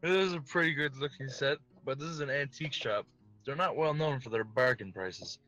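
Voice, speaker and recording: A man's voice: mid-range voice, fairly quick, sharp tone, dry recording, faint music behind, rough recording. A man hosting a let's play, reading visual novel narration aloud in a casual, giggly way with joking asides.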